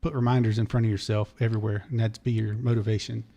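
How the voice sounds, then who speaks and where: Hoarse man telling long stories. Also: on the low side, flat delivery, quick pace, dark tone. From Charlotte area, North Carolina. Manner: digressive, detail-heavy storyteller. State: hoarse, losing his voice. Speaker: podcast guest, former race mechanic. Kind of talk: long rambling story told in casual chat.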